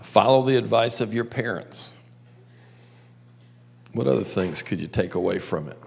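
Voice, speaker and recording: A man's voice: lowish voice, expressive, normal speed, gravelly, slightly rough. A man telling a story to a group and drawing lessons from it, coaxing them with questions. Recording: long hall reverb.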